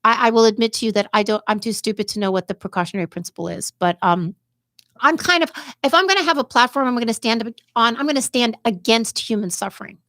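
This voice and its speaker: A woman hosts a live podcast stream, answering viewer comments with impassioned, heated commentary. Her voice sits a little high, and she often breaks off and restarts her sentences. The sound is dry and close. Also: fast, fairly bright tone, no room sound. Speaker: podcast host.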